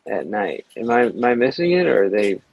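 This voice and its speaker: A man's voice: mid-range voice, big pitch swings, brisk, vocal fry, highs cut off, a loud crowd. A man hosting a casual live stream, chatting in a laid-back way. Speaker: host.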